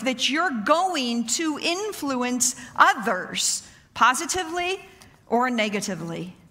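Loud bright-voiced woman preaching. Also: sits high. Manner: loud, animated preaching, says so herself. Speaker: women's ministry speaker. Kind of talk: sermon. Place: church sanctuary. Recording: reverberant church hall.

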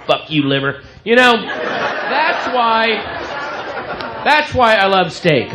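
A stand-up comedian on a club stage, loudly and profanely mocking audience members who kept talking. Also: male voice, mid-range voice, big pitch swings, takes it slowly, long pauses. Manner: incredulous, mocking, profane, loud. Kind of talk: stand-up set, confronting hecklers. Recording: live club recording with crowd noise. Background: audience laughter and club noise.

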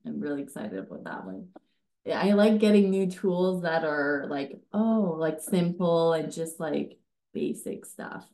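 A woman's voice: low voice, lively intonation, a little slow, warm tone, echoey room. A woman hosting a podcast asks long, rambling questions full of "like" and "um". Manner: chatty, lots of "like" and "um", rambling questions. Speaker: podcast host. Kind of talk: casual podcast interview.

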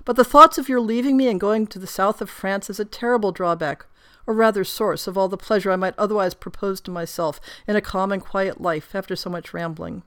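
A woman's voice: mid-range voice, fairly quick, fairly bright tone, no room sound, clean studio sound, lightly acted. A woman reading as an ardent young French noblewoman. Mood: earnest. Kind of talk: reading a period novel aloud.

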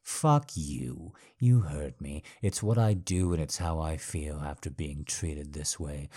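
A man performing an adult audio role-play in a domineering, taunting voice that swings between low murmurs and loud commands. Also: slow, few pauses.

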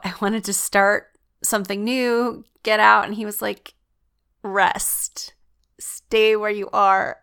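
A woman's voice: mid-range voice, pushed and bright. A worn-out, stressed woman talking earnestly and confidingly about her struggles in a personal vlog.

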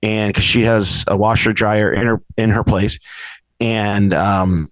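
Animated man telling a rant. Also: on the low side, a little slow, dry recording, poor audio. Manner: animated storyteller, acts out quotes with rising exasperation. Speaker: podcast co-host. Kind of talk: casual chat. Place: apartment in the city.

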